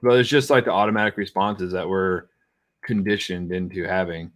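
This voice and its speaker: Rich: A middle-aged man with a fairly low voice talks on a live gaming stream. He is blunt and emphatic, stacking up repeated words to make his point in casual chat. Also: fairly even intonation, normal speed.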